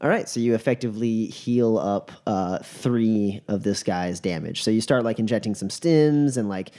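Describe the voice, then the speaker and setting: Male game master, lowish voice, loose and rambling narration. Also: moderate pace, warm tone. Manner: rambling with many fillers.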